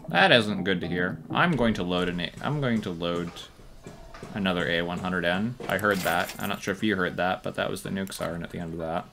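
A man's voice: deep voice, a little fast, vocal fry, background noise. A young man commenting on his own strategy game run, thinking aloud and swearing now and then. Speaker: gameplay commentator. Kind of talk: casual gameplay commentary.

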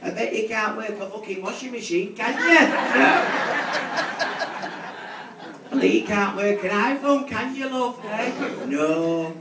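Man, drag stand-up, bawdy teasing crowd work, lively swooping pitch, slow unhurried delivery. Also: heavy background noise. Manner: brash, bawdy, teasing the audience. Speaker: drag comedian. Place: large theatre stage. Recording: distant echoey live theatre recording. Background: audience laughter.

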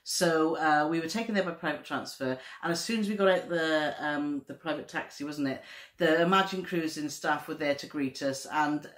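A woman with a low voice speaks at a moderate pace while co-hosting a travel vlog, the recording full of roomy echo. Chatty and gushing, she keeps turning to her partner with tag questions.

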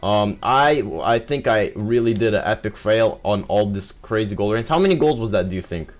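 A young man giving excitable live commentary over his own gameplay, full of exclamations and fillers. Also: fairly low pitch, normal speed.

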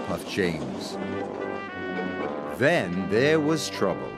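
Male storybook narrator: expressive, unhurried, over background music. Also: medium pitch. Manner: expressive, gently dramatic.

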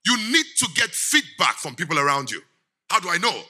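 A middle-aged man delivers a lively guest sermon, laughing often and firing questions at the congregation. His voice sits a little high and sounds sharp and forceful, with a raspy edge. His pitch swings widely as he preaches. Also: fairly quick. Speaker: guest speaker.

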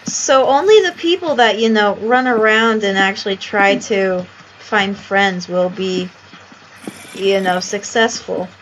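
A woman's voice: medium pitch, takes it slowly, fairly bright tone, a little hiss or hum, low-quality recording. A woman playing a video game, chatting casually with a playful, teasing manner. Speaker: gamer. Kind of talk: casual gaming chat.

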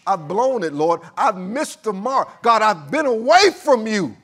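A man's voice: sits high, sing-song, unhurried, fairly bright tone, voice pushed up, full character voice. A man preaching, voicing a grieving apostle who pleads with God in a raised, crying-out voice. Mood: anguished.

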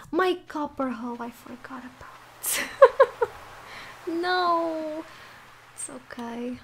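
A woman's voice: high voice, takes it slowly, long pauses, a little hiss or hum. Giggly woman chatting over gameplay. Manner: giggly, chatty, thinking aloud. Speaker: let's play host. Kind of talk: casual gameplay commentary.

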